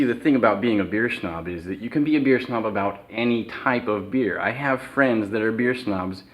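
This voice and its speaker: A man from the Seattle area giving a casual opinion piece from work, earnest and halting, often correcting himself. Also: lowish voice. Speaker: guest contributor.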